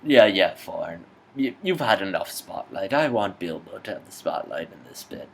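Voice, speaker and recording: A man impersonating a wise, wry old wizard who speaks slowly and teasingly. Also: deep voice, sing-song, gravelly, slight background noise, heavily acted.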